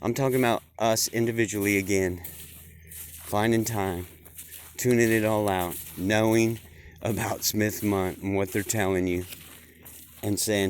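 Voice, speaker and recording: A man's voice: fairly low pitch, fairly even intonation, unhurried, pauses often, slight background noise. Man, vlogger, folksy ranting monologue, repetitive, talks straight to the audience.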